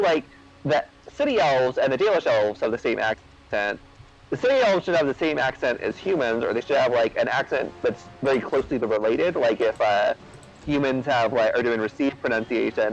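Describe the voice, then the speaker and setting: A man's voice: mid-range voice, expressive, moderate pace, vocal fry, muffled recording. A man chatting casually over gameplay, rambling with lots of fillers and restarts. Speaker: co-host of a gaming video.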